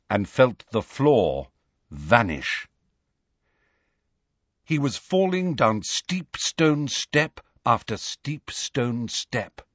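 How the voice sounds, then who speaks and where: A man narrating an audiobook in measured, expressive storytelling. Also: mid-range voice, no room sound, dull audio.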